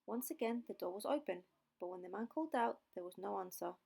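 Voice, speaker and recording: A woman narrating a fairy tale slowly and clearly for English learners. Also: mid-range voice, animated, darkish tone. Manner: slow, deliberate reading. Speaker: audiobook narrator.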